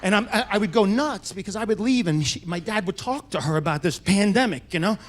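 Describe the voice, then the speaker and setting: A middle-aged American man doing a stand-up comedy set, telling brash, profane stories and shouting his punchlines. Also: high-pitched, animated, fairly quick. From United States. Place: comedy club stage.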